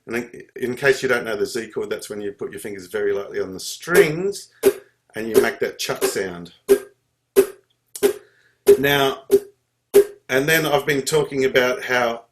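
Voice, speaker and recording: A man's voice: mid-range voice, normal speed, long pauses, heavy background noise. Chatty man teaching ukulele. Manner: chatty, self-interrupting, counts strums aloud. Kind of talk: live online music lesson. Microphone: computer video call. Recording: echoey room on a video call. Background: ukulele strumming.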